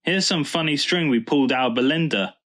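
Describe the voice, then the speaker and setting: A man's voice: brisk, a bit bright, natural voice. A small, fussy boy who presses his point in a raised, childish voice, done by a male reader. He sounds eager and a little bossy. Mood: insistent. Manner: high and insistent. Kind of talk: storybook reading.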